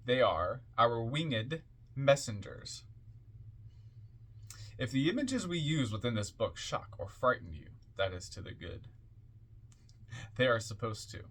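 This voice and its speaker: A man reading passages from an occult book aloud in a measured, deliberate way, with offhand asides in between. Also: medium pitch, big pitch swings, fairly bright tone.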